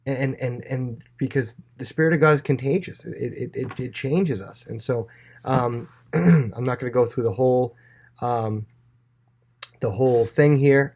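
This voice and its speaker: Guy teaching a bible class, casual and chatty, mid-pitched voice, lots of ums. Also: darkish tone. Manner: chatty, acts out quotes in playful voices.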